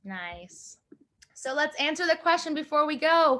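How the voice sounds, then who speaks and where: A woman teaching young learners with a high, bright voice. She speaks slowly and upbeat, repeating each question. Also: animated. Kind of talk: online class instruction.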